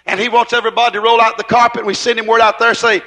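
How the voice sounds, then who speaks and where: High, bright-voiced preacher man. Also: little pitch movement, very fast. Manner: folksy, storytelling, rising to shouts. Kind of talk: sermon.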